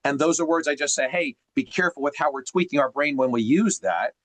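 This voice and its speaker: A man's voice: fairly high pitch, a little fast, fairly bright tone, no room sound, rough recording. Emphatic man coaching on a video call. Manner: emphatic and teacherly, with rhetorical questions. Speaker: sales coach.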